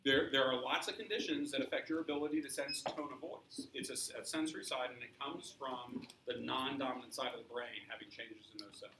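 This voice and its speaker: A man's voice: medium pitch, fairly quick, few pauses, background noise. A man teaching science to a class, explaining with examples and asking students questions. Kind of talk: classroom lecture. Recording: echoey classroom from far off.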